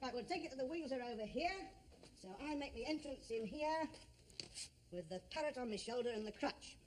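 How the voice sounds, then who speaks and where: A man playing a pushy, cheeky theatrical agent always after a fast deal, in old radio comedy. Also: extremely high pitch, animated, a little hiss or hum. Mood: wheedling. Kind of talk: 1950s radio comedy acting.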